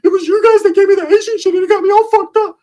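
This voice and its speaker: A man voicing an excitable, panicky young male friend who yells in a shrill, frantic way. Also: very fast. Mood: indignant.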